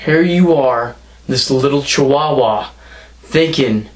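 A man's voice: a little high, measured pace. A young man delivering a wrestling promo, taunting and mocking his opponent as he trash-talks.

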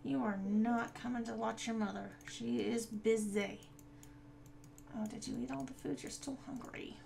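Woman narrating her game, slow and chatty, bit high voice, faint hiss behind. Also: steady tone, creaky, darkish tone. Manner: chatty, talks to the viewers and to the game characters. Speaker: gaming video creator. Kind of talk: casual gameplay commentary.

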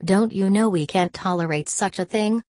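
A woman's voice: medium pitch, normal speed, a little mellow, no room sound, pitched above the performer's own voice, lightly acted. A woman voicing an imperious older male college president who lectures with contempt and domineers. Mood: stern.

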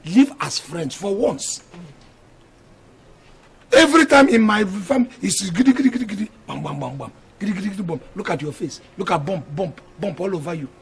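A man playing a stern, exasperated Nigerian husband who lectures his quarrelling wives. His voice sits high for a man and has a husky edge. He sounds firm and scolding, like a film drama. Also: lively intonation, a little fast, full character voice. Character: stern polygamous husband, middle-aged, exasperated.

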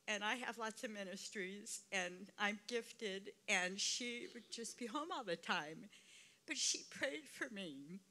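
Woman friend delivering a eulogy; earnest, heartfelt, a touch of vocal fry. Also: medium pitch, bright, forceful tone. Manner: heartfelt, earnest storytelling with repetition. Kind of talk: memorial tribute.

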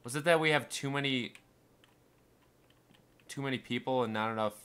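A young man commentating his city-building game, muttering along and then bursting into panicked, cursing shouts. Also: medium pitch, moderate pace, clear, resonant tone. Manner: swings from mumbling to panicked yelling, swears constantly. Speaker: gameplay streamer. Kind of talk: casual let's-play commentary.

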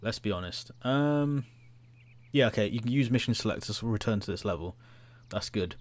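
A man's voice: fairly low pitch, animated, moderate pace. A man giving casual let's-play commentary, jittery, chatty and self-mocking as he plays. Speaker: gameplay commentator.

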